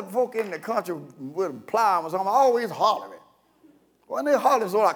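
A man preaching a sermon as pastor, folksy and storytelling, breaking into sudden shouts and chuckles. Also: high-pitched, big pitch swings, fairly quick, breathy edge.

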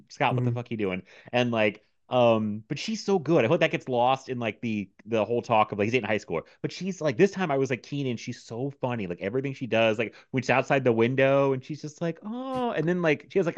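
A man's voice: medium pitch, no room sound. A man chatting casually on a podcast about a movie, rambling with lots of fillers. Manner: rambling, many fillers and restarts. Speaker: podcast co-host. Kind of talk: casual chat. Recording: dull lo-fi sound.

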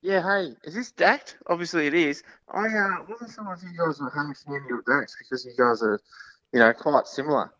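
A man's voice: a little high, fairly quick, pushed and bright, no room sound. A man playing a cheeky, rambling caller on a comedy phone-in bit, heard over a muffled, lo-fi line. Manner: rambling, giggly. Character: cheeky male caller named Steve. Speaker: prank caller.

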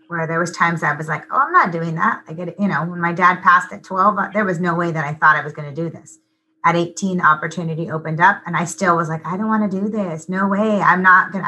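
Bright-voiced middle-aged woman, halting. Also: on the low side, breathy edge, low-quality recording. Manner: halting, with many ums and restarts. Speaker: union business agent and longshore worker. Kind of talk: casual interview talk.

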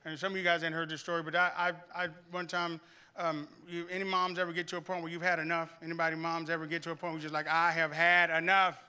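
Man, pastor, sermon, lively storytelling, high voice. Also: fast, clean tone. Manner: animated storytelling, laughing and shouting.

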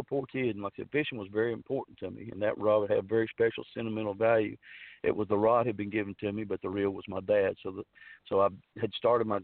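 A man's voice: on the low side, gravelly, no room sound. A man earnestly telling a long personal story in a rambling, casual way, full of restarts and fillers. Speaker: guest telling his story. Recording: tinny phone line.

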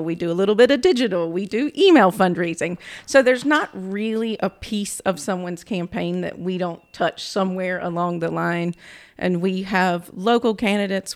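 40s woman, nc country accent, chatty storyteller, talks politics easy and loose. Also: medium pitch. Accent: North Carolina country. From North Carolina, US. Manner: chatty, storytelling, animated asides. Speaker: political consultant guest. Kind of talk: casual interview talk.

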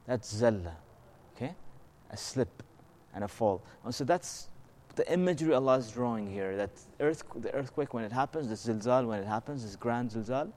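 A man leads a relaxed scripture lesson in an easygoing, explanatory way. He keeps tossing out rhetorical questions and checking in with a quick "okay?" to keep his listeners with him. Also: medium pitch. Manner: slips into melodic Arabic recitation of verses. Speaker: religious teacher.

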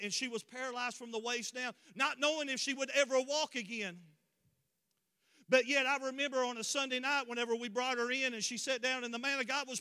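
A man preaches with fervor, his voice high-pitched and bright. He builds to emphatic declarations, and the sound rings with the long reverb of a large church hall. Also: smooth. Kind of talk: sermon. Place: church sanctuary.

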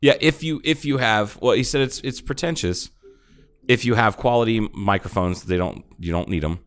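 Low smooth guy ribbing his buddy on a podcast, swears a lot, studio mic up close. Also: normal speed. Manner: crude, profane teasing. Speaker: podcast co-host. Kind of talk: casual chat. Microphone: studio mic with pop filter.

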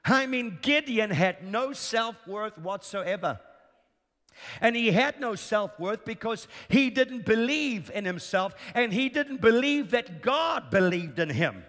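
A man's voice: high voice, expressive, takes it slowly, a bit bright. A man preaching a sermon, emphatic and repetitive, calling for responses from the congregation. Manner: emphatic, repeats lines for effect, calls for audience responses. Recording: long reverb of a large hall.

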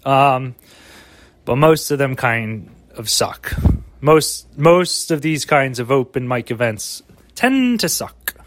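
A man's voice: mid-range voice, lively intonation, slow pace, a bit bright, no echo. Rambling profane podcast guy. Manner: rambling, profane, mock pep talk. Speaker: podcast host. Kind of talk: casual solo podcast monologue.

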